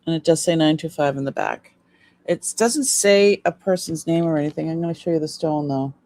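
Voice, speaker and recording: On a live stream, a sleepy woman with a low, darkish voice chats casually while showing off jewelry. She talks briskly but rambles, yawning and trailing off into fillers.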